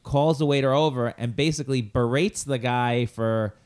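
A man's voice: mid-range voice, smooth. A man with a Long Island accent, a podcast host telling funny dating stories in casual chat. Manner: animated, jokey, quick asides. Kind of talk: casual comedic storytelling.

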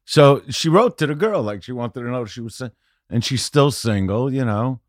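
Male comic guest, brash and foul-mouthed, lively pitch swings, dry close mic. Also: moderate pace, no echo. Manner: brash, profane, rising to loud rants. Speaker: guest comedian. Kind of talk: casual podcast storytelling.

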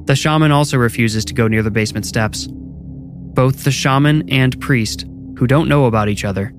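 A man narrating a scripted first-person horror story in a measured, low-key way. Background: music.

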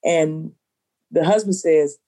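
A woman's voice: deep voice, slow. A woman who owns a bookstore, telling a story in an interview and acting out the voices of the people in it. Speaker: bookstore owner.

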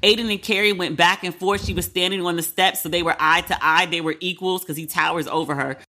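High, bright-voiced chatty podcast host. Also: male voice, fairly quick. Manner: candid, animated, profane, chatty storytelling. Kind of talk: casual solo podcast commentary.

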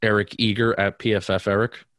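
A man's voice: fairly low pitch, little pitch movement, fairly quick, fairly bright tone, no room sound, studio quality. A man co-hosting a podcast in casual chat, bantering and teasing his co-host.

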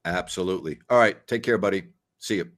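A man's voice: low-pitched, fast, fairly bright tone. Folksy man hosting a sports show. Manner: folksy, exclamatory, rambling. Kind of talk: casual chat.

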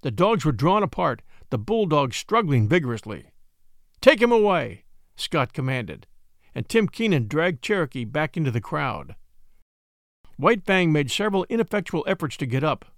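Expressive man reading a storybook. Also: a little high, moderate pace, no echo, clean studio sound. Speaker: audiobook narrator. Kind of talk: scripted storybook narration.

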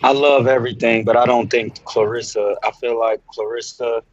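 A man's voice: medium pitch, little pitch movement, normal speed, dry recording. A man joining a livestream as a guest, chatting casually and agreeably. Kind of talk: casual chat. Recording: muffled call audio. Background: background noise while traveling.

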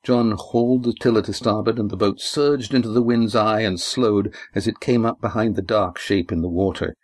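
Male audiobook narrator, low and measured, dry recording. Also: dry recording. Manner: steady, measured storytelling. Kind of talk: scripted narration.

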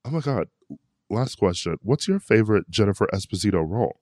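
A man co-hosts a pop culture podcast with a lively voice that swings up and down a lot. He sounds playful and gossipy. The recording is dry and close. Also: fairly low pitch, a little fast, no echo. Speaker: podcast co-host. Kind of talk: casual pop culture chat.

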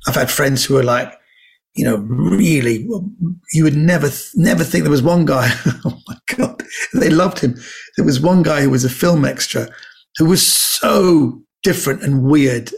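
A man's voice: medium pitch, vocal fry. A man, a comedian guest, telling stories in casual chat and acting out the people in them. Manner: animated storyteller acting out quoted people.

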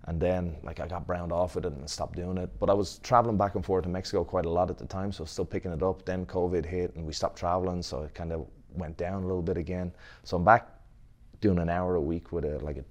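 This is a man with an Irish accent speaking in a very low voice. He chats casually as an interview guest, relaxed, with lots of fillers and easy laughter. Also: quick pace. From Ireland. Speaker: guest wrestler.

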